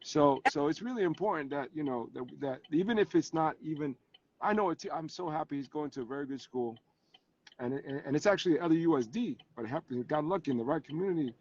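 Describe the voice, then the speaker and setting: A man, a guest actor and advocate, tells animated stories about parenting while sitting in his car on a video call. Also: a little high, fast. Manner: animated storyteller, acts out family scenes. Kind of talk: casual interview over video call. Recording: dull lo-fi call audio.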